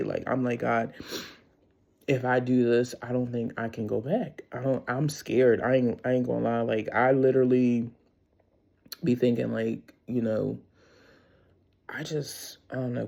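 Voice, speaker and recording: A woman's voice: a bass voice, steady tone, moderate pace, vocal fry, warm tone, lo-fi sound. A middle-aged woman vlogging a casual faith talk, candid and rambling with frequent laughs.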